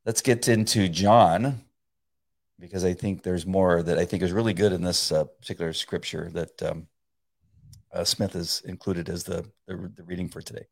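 Male co-host, very low and fried, tired, casual halting delivery. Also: gravelly. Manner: relaxed, halting with fillers and restarts. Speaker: podcast co-host. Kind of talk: casual devotional chat.

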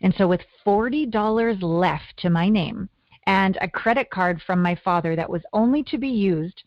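A middle-aged woman from Canada, a guest telling her life story in an earnest, animated way. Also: mid-range voice, normal speed, no echo. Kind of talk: interview storytelling. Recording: dull lo-fi audio.

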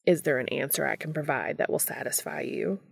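A woman voicing a calm, formal male creature who speaks softly to his lover, often close to a whisper. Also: low-pitched, a little fast, creaky, husky, dry recording, exaggerated voice. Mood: hushed, tender. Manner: soft, formal, murmuring near a whisper.

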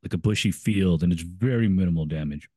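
A man chatting casually on a podcast about a TV episode, explaining and speculating, quick to agree. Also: sits low, warm tone, husky, no room sound, studio quality. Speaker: podcast co-host.

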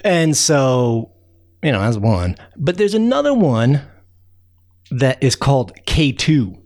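A man voicing a chatty male raccoon who tells a rambling, excitable tall tale, full of fillers and sound effects, with a gravelly voice. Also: mid-range voice, slow. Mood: excited. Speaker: storyteller.

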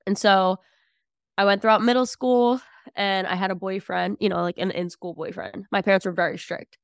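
A woman's voice: mid-range voice, fairly even intonation, normal speed, vocal fry, clear, resonant tone, no room sound, clean studio sound. A woman in her twenties, a podcast guest telling a personal story in a chatty, filler-heavy way. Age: 20s. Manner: chatty, filler-heavy, acts out family dialogue. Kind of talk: casual storytelling.

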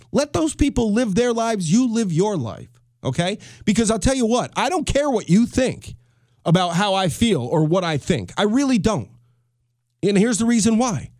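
Fired-up man ranting, high voice. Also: a little mellow, no echo, clean studio sound. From United States. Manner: fired-up, swearing, repeats and restarts. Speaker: podcast host. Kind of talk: solo podcast rant.

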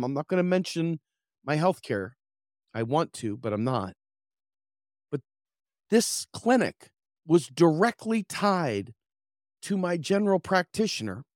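Animated American man telling a story. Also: a little high, no room sound, studio quality. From United States. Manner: animated, acts out quotes with swearing. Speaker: podcast host. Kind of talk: casual storytelling rant.

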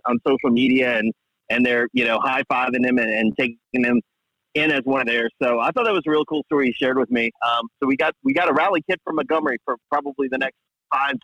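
A man's voice: mid-range voice, fast talker, fairly bright tone, no echo. A tipsy man telling a laid-back story on a casual sports talk show. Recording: dull dry radio sound.

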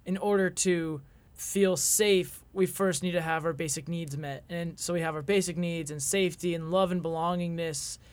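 A man in his twenties, a podcast guest, telling a personal story in an earnest, reflective way with halting restarts. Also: on the high side, steady tone, smooth.

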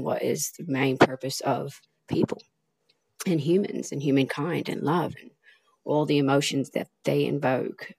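Low husky woman rambling on her podcast. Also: a little mellow, no echo. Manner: rambling, heartfelt, lots of fillers. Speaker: podcast host. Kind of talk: casual podcast monologue.

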